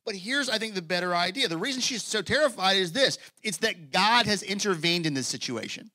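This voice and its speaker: A male pastor preaching in a lively, conversational style, full of quick asides. His voice is fairly high for a man and forceful. It is recorded close and dry, with little room sound. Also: no room sound. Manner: acts out scripture quotes in character voices. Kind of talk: sermon.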